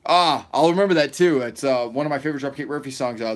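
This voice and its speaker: A man's voice: mid-range voice, fast talker. A man hosting a casual livestream, reading chat aloud and rambling loosely, often swearing and laughing.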